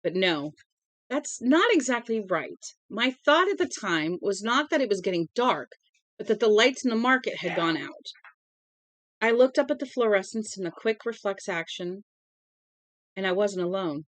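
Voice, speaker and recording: A woman's voice: mid-range voice, animated, moderate pace, no echo. A woman casually reading a novel aloud at home, now and then stumbling over words and correcting herself. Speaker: storybook reader.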